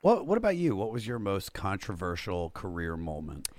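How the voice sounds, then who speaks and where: A man's voice: sits low, moderate pace, no room sound. Chill guy podcast host, swears a bit, totally dry close sound. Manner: relaxed, swears casually. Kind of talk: casual interview chat.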